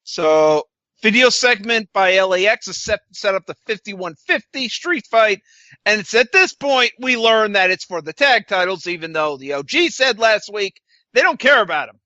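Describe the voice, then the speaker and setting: Bright, high-voiced man recapping wrestling. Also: animated, moderate pace, no echo, muffled recording. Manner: sarcastic, swears, quotes wrestlers in put-on voices. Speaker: podcast co-host. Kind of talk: casual wrestling recap chat.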